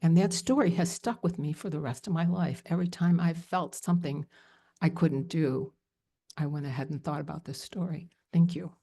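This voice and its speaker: A woman telling a personal story at a live storytelling event, animated and emotional, with many fillers. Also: low-pitched, moderate pace, husky.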